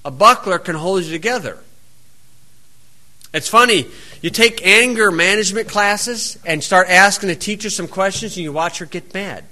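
A man delivers a homespun sermon in a high, very bright voice. He reads scripture at a deliberate pace, then slips into relaxed, plain-spoken stories about everyday life. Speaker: preacher. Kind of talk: folksy sermon.

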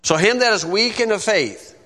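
A man's voice: high-pitched, animated, normal speed, bright, forceful tone. Folksy preacher man in a reverberant hall. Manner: conversational, folksy, asks "okay?" often. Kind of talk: bible teaching sermon.

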